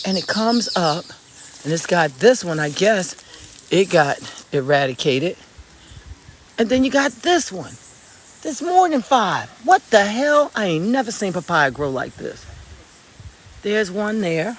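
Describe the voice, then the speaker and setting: A vlogger chatting casually on a live stream from an outdoor garden, telling stories bluntly with swearing and excited exclamations. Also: medium pitch, measured pace, pauses often. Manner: animated, blunt storytelling with swearing; excited exclamations while looking at plants. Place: outdoors in a garden among fruit trees.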